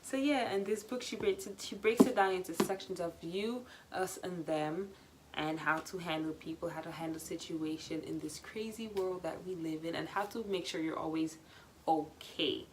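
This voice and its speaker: A woman's voice: fairly low pitch, fairly even intonation, normal speed, background noise. A woman vlogger talking casually to camera, chatty and enthusiastic, with gushing emphasis.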